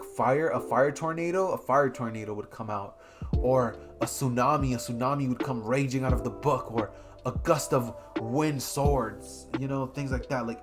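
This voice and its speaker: A man casually narrating an improvised fan story, rambling and correcting himself as he goes. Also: mid-range voice. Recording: guitar music playing behind.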